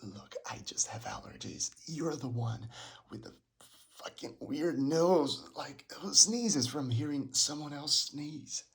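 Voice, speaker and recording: A woman playing an allergic young woman hiding in a closet, speaking in a hushed, pleading, strained whispered role-play. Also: low-pitched, expressive, slow.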